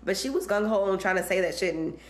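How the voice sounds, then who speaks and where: A woman's voice: medium pitch, expressive, fast. A woman co-hosting a podcast in casual chat, blunt and profane, laughing often as she tells a story. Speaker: podcast co-host. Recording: echoey room.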